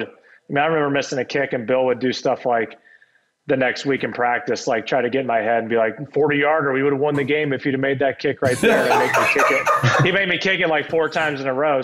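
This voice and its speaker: A man, a former kicker co-hosting a podcast, talking in a relaxed, conversational way. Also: mid-range voice. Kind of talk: casual chat.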